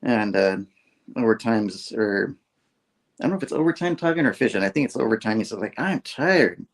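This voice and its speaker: A man's voice: lowish voice, a little fast. A man hosting a casual comic book review, retelling the story with lots of fillers and putting on voices for the characters. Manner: animated retelling, acting out dialogue, many fillers. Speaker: host.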